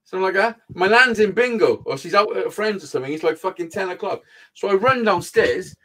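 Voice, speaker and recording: A man's voice: high-pitched, animated, quick pace, bright, forceful tone. Sweary man telling stories. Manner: sweary, rambling anecdotes. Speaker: show host, storyteller. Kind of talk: casual live-stream chat.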